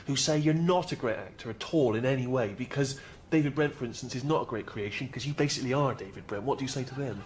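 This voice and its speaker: A man in a comedy sketch, talking in a polite, persuasive, gently wheedling manner. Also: medium pitch, quick pace, hardly any pauses, slight background noise.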